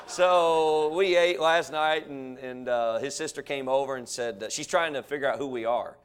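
A man preaching a sermon, telling folksy stories and building to animated preaching. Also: on the high side, normal speed, few pauses, clean tone.

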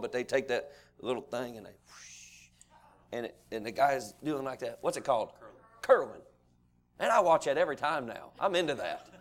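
Folksy man preaching a sermon. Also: medium pitch. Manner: folksy storytelling, rises to animated preaching.

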